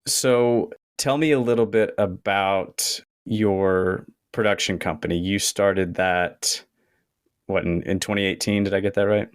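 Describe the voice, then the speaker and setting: An easygoing man hosting an interview, with a fairly low voice and an easy laugh. He sounds close and dry, with no room around him. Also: steady tone, a little slow, clean tone, no room sound. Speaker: podcast host. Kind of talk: conversational interview.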